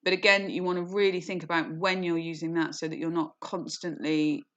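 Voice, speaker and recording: Woman, lowish voice, teacher, online lesson, clear step-by-step explaining. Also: little pitch movement, brisk, a bit bright. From England. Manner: explains clearly, frequent "okay" and "you know", acts out quoted lines. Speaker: English teacher.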